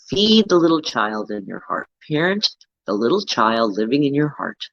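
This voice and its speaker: A man's voice: mid-range voice, no echo, lo-fi sound. A man hosting a casual self-help talk, coaching earnestly and often checking in with "right?". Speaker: host.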